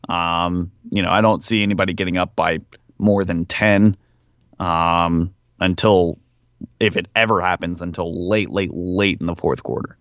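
A man's voice: low voice, fairly even intonation, unhurried, fairly bright tone, no room sound, lo-fi sound. A man co-hosting a casual sports podcast, rambling through his points with lots of fillers and a bit of argumentative edge. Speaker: podcast co-host.

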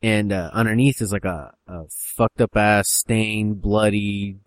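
A man casually brainstorming a story, talking in a rambling, animated, profane way. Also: lowish voice, a little slow, no room sound. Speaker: co-writer.

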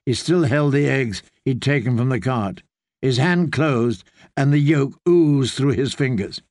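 A man narrating an audiobook in a measured, steady reading voice. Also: mid-range voice, dry recording, studio quality.

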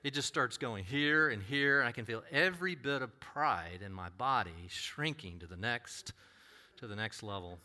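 A middle-aged man preaching, who tells a personal story with animated delivery and acts out other voices. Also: medium pitch, moderate pace. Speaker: pastor.

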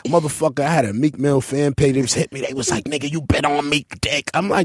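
A man hosting a casual chat, talking in a brash, profane way and jumping into high-pitched outbursts while telling stories. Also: steady tone, quick pace, hardly any pauses, slightly rough, no echo, clean studio sound.

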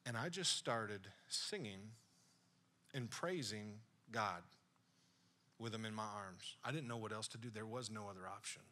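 A male pastor in his thirties tells a personal story within his sermon, starting with a hushed retelling and building to loud, excited preaching. His voice is fairly low and a little slow.

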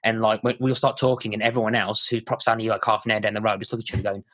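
A man's voice: fairly low pitch, flat delivery, racing, a bit bright, no room sound. Black Country man, rambling podcast chat. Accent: Black Country English. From Walsall, Black Country, England. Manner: rambling, many fillers and restarts. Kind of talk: casual chat.

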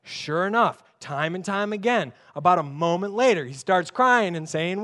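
A man's voice: sits high, expressive, normal speed, pushed and bright. A young man preaching a sermon as pastor, conversational and emphatic, with many rhetorical questions.

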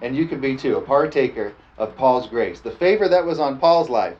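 A man preaching a lively sermon, often calling out "amen?" and joking with the congregation. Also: mid-range voice, moderate pace. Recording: dull lo-fi sound with faint background noise.

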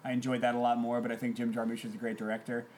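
Male podcast guest, mid-pitched, blunt and opinionated, casual talk with a faint hiss behind. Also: completely flat delivery, rapid-fire, a little mellow. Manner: blunt, opinionated movie reviewer. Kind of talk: casual chat.

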